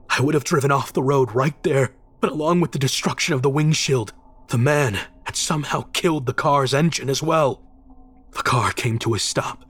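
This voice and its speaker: A man's voice: fairly high pitch, slightly rough. A man reading a scripted first-person horror story aloud in a tense, dramatic manner. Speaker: narrator.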